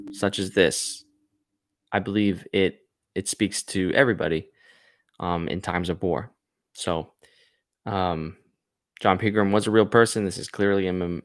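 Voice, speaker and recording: A man's voice: lowish voice, no room sound, studio quality. A man hosting a poetry reading show, talking casually and thinking aloud about the poems. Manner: thinking aloud, musing, with restarts. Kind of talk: casual spoken commentary on poems.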